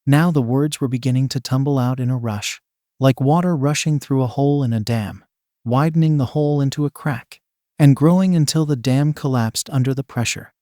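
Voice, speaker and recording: A man reads a fan fiction story aloud as narrator, in a plain and even storytelling voice. His pitch sits in the middle of the male range. The sound is dry and close to the mic. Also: normal speed, no room sound.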